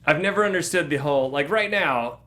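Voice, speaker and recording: A man's voice: fairly high pitch, a little fast, sharp tone. A man co-hosting a casual movie review podcast, recapping scenes and mimicking the characters' lines. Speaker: podcast co-host.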